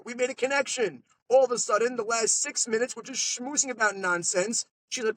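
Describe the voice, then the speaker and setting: A man, a podcast guest telling sales stories in a lively, animated way. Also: extremely high pitch, rough recording. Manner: animated salesman storytelling, quick asides. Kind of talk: casual storytelling interview. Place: podcast studio.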